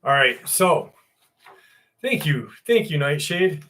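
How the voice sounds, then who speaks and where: Slow-talking, rambling man on a livestream. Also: a little high, sing-song, a bit bright. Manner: rambling, candid, crude humor. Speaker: livestream host. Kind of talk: casual livestream chat answering viewers.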